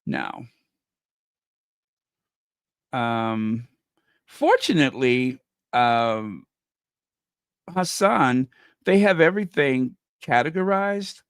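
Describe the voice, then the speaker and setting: Male host, casual rambling chat, slow and halting, smooth tone. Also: medium pitch, animated, fairly bright tone, dry recording. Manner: rambling, halting, full of fillers. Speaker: channel host reacting to a clip.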